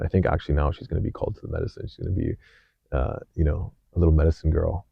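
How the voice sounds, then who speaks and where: Deep gravelly man telling a personal story. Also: no room sound. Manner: earnest, unhurried, with many fillers and restarts. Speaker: podcast host. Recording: slightly dull dry sound.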